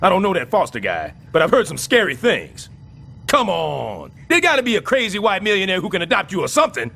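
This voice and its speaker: An actor playing a loud, wisecracking, scheming middle-aged building super in an animated sitcom. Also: male voice, fairly quick, vocal fry, exaggerated voice. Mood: blustering. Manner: loud, wisecracking, swings wildly in pitch.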